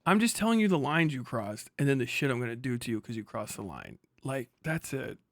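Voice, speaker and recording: A man's voice: medium pitch, sing-song, fairly quick, a bit bright, no room sound, clean studio sound. A man streaming live, ranting bluntly and profanely in a heated reaction.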